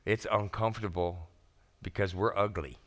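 A man preaching a sermon as pastor, animated and folksy, talking casually to his congregation. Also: low-pitched, moderate pace.

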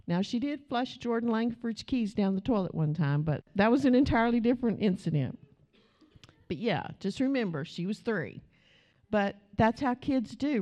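A woman preaching a sermon to a congregation, telling a family story in a chatty, animated way and speaking straight to her listeners. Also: mid-range voice.

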